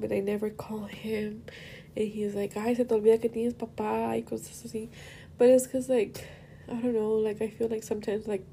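A woman's voice: mid-range voice, creaky, warm tone, slight background noise. A young woman hosting a podcast, talking about her father in a rambling, emotional monologue, tearful at times and slipping between English and Spanish. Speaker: podcast host. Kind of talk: personal monologue.

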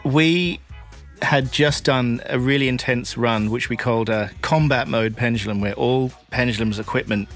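A man co-hosts a casual podcast, teasing his guests and laughing easily. His voice sits at a middling pitch, with faint music in the background. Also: fairly bright tone. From Australia. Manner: jokey, quick to laugh. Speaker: podcast co-host. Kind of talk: casual chat.

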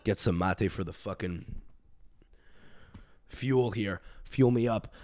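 A man's voice: fairly low pitch, slow, darkish tone, dry recording, studio quality. A man hosting a podcast, ranting in a rambling, profane, emphatic way, sick with a cough. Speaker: podcast host. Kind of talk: solo podcast rant.

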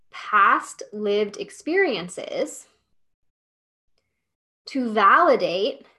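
A woman's voice: mid-range voice, a bit bright. A woman hosting a solo podcast, coaching business owners in a chatty, emphatic way with lots of "like" and "okay?".

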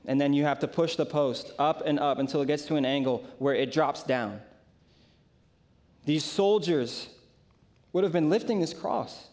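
Emphatic, slightly high-voiced male preacher. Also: darkish tone. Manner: dramatic, emphatic preaching with slow, deliberate phrases; retells scripture vividly and shares personal stories. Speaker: pastor. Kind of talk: sermon.

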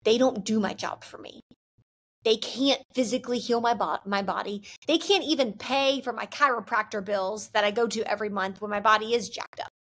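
A woman's voice: fairly high pitch, fairly quick, a bit bright. Earnest young woman sharing her faith. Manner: earnest, candid, filler-heavy with frequent "like". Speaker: Christian vlogger. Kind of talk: heartfelt faith talk to camera.

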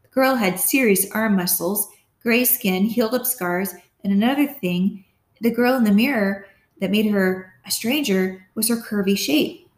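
A woman reading an audiobook as narrator, in a steady, close storytelling manner. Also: medium pitch, unhurried. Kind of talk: scripted narration. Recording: roomy echo.

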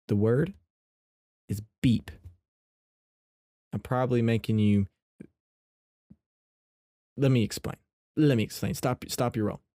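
A man's voice: medium pitch, slow pace, pauses often, warm tone, no echo, clean studio sound. A man hosting a casual faith-based podcast, chatty and playfully teasing his listeners. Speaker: podcast host.

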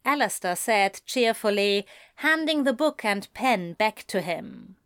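A woman narrating a story in a slow, measured storytelling voice. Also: medium pitch, animated, a bit bright, clear, resonant tone, no room sound, clean studio sound. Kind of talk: fan fiction audiobook reading.

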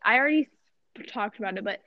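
A woman's voice: on the high side, animated, quick pace, crowd noise. Chatty young woman, tiring voice. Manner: chatty, lots of "like" fillers, self-deprecating. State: voice getting hoarse. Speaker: podcast co-host. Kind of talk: casual chat. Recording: dull lo-fi podcast audio.

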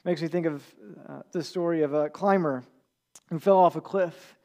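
A man with a high voice preaching an earnest sermon. He speaks conversationally and now and then stumbles and repeats a word as he gathers his thought. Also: moderate pace, warm tone, lo-fi sound. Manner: earnest, with small restarts and repeated words. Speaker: pastor.

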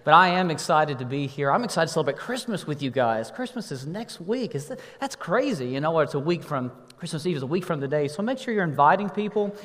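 A man's voice: on the high side, expressive, fast talker, hardly any pauses, long reverb tail. A man in his thirties preaching a sermon as pastor, telling family stories and playfully getting the congregation to respond. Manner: warm storytelling, playful with the congregation. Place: church sanctuary.

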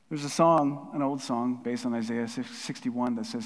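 A middle-aged man preaching a sermon with passion, his voice swelling from quiet asides to loud, fervent peaks. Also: mid-range voice, steady tone, normal speed, hardly any pauses. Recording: long hall reverb.

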